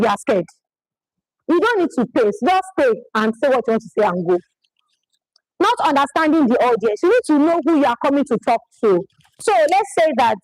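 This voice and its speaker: At a presentation venue in Lagos, a woman leads a live public speaking workshop, speaking emphatically and repeating phrases for effect. Her voice is a little high, and the recording is rough, with no room sound.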